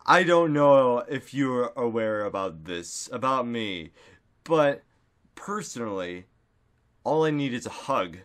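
A man's voice: mid-range voice, big pitch swings, slow, a bit bright. A man vlogging into a desktop microphone at home, rambling goofily with lots of fillers and sudden silly outbursts. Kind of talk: casual rambling monologue. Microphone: desktop studio microphone.

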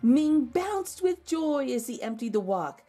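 A woman reading a children's picture book aloud, expressive with gentle asides. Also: high voice, measured pace, slightly rough, faint music behind.

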